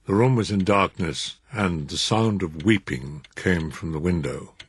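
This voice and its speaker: Deep, slow man reading a story. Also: slightly rough, dry recording, clean studio sound. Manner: expressive, measured. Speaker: narrator. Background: music.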